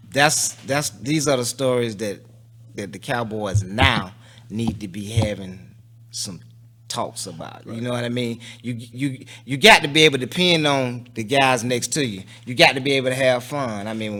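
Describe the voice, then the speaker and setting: A man speaks in a bright, clear tone as a guest on a live stream. He chats casually and looks back on old times. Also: mid-range voice, expressive, normal speed. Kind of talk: casual chat.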